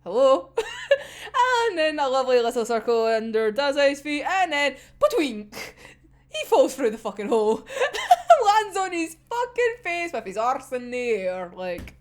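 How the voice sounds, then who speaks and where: A woman, hosting a casual episode discussion, animated, laughing often and swearing freely. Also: high-pitched, a little slow. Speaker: anime reaction host.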